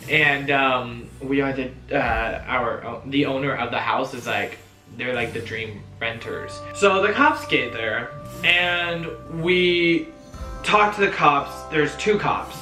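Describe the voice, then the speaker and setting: A young man telling a story-time vlog in a chatty, animated way, full of fillers and swearing. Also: mid-range voice, takes it slowly. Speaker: vlogger. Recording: roomy echo, faint music.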